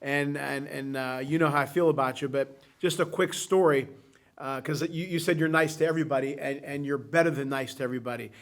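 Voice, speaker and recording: A man's voice: medium pitch, steady tone, a little fast. A man co-hosting a talk show, telling a long, heartfelt story in a rambling, emotional way. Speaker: co-host.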